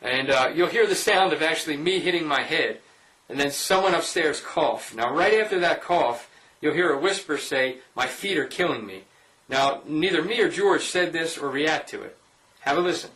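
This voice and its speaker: A man's voice: on the high side, lively intonation, moderate pace, a bit bright, roomy sound, distant mic, poor audio. A man casually narrating his ghost-hunting evidence, talking straight to his viewers in an informal way. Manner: informal, speaks directly to viewers. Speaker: paranormal investigator presenting evidence. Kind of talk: casual voice-over narration of clips.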